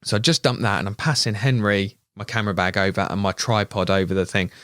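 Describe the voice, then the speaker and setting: An English man with a fairly low voice tells an animated story on a podcast, full of asides and put-on voices. The mic is close and the sound is dry. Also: quick pace, smooth, no echo. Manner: animated anecdote teller, laughs, mimics voices. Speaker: videographer. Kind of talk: casual storytelling chat. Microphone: studio podcast mic.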